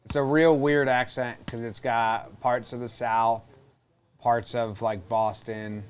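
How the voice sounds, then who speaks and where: A baseball podcast co-host chats loosely while watching a game, joking and swearing casually. He speaks slowly in a mid-range voice with fairly even intonation, and there is a little hiss or hum.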